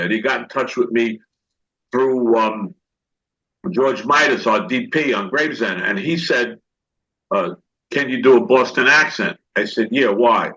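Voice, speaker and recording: A man's voice: mid-range voice, a bit bright. Older man spinning rambling show-business anecdotes. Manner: rambling anecdotes, acts out others' lines, restarts. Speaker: actor guest. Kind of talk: storytelling interview talk. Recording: dull lo-fi recording.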